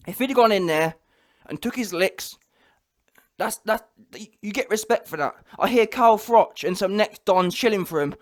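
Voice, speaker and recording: A man giving a heated, blunt reaction rant about a boxing fight, repeating his points. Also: high voice. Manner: heated, blunt, repetitive, mocks others in quoted voices. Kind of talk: ranting reaction commentary.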